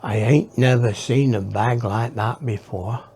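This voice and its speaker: A man voicing a curious twelve-year-old local boy with a slow, drawn-out Cornish accent. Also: medium pitch, a little mellow, slightly rough, voice pushed down. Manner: slow, drawn-out, broad rural drawl. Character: staring local boy of about twelve, nosy.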